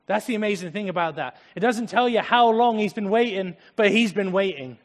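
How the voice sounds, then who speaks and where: Dramatic preacher man with a high voice. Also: fairly quick. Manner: dramatic, swings from loud to hushed. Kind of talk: sermon. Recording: echoey hall.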